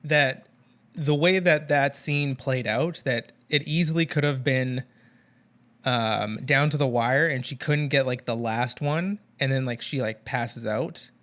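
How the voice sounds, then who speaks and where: A man co-hosting a casual TV recap chat, talking in a relaxed, halting way. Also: mid-range voice. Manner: laid-back, halting, many fillers and restarts. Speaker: podcast co-host.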